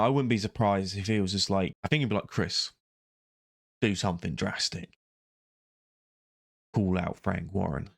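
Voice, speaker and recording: A young man with a very low, gravelly voice, talking in a rambling, sarcastic and self-mocking way over a video he is reacting to. The sound is close and dry, with no room around it. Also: no echo. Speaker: YouTube reaction host. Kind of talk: casual reaction commentary.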